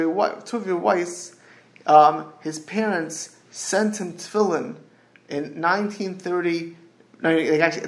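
A man's voice: fairly high pitch, vocal fry. A man telling a story in a sermon, earnest, often repeating and restarting words as he builds emphasis.

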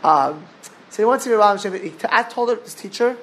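A man teaching a Torah class, telling a story in a halting way with many repeated words. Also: sits high, lively intonation, fairly bright tone, a little hiss or hum, rough recording.

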